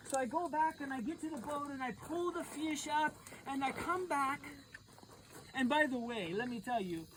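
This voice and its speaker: A high-voiced woman youth pastor tells a Bible story as if she lived it, playful and animated, speaking straight to her listeners. A faint hiss of noise sits under the recording. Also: moderate pace. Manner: animated, playful, addresses the audience directly. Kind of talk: acting out a Bible story as a first-person storyteller.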